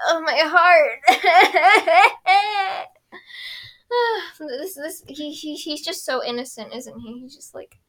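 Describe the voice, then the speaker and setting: Giggly high bright-voiced young woman. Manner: giggly, quick, mimics characters in passing. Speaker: episode recap co-host. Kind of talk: casual chat recapping a cartoon episode.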